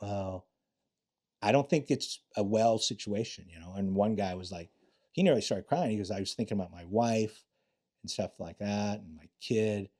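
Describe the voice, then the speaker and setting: A man's voice: lowish voice, normal speed, a little mellow. A man in his late fifties, a retired police officer, telling blunt, profane stories in a casual interview and acting out the quotes.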